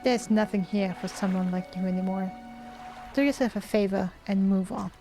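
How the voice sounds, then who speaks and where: A woman's voice: mid-range voice, fairly even intonation, normal speed, music in the background, natural voice. A woman reading the lines of a wary old female lighthouse keeper in a game, blunt and grim.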